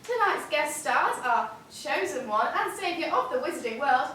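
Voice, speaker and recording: A young woman playing a game-show quizmaster in a stage sketch, with a bright announcer delivery. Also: high-pitched, sing-song, normal speed, full character voice. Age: young adult. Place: student theatre stage. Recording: echoey hall from far off, noisy.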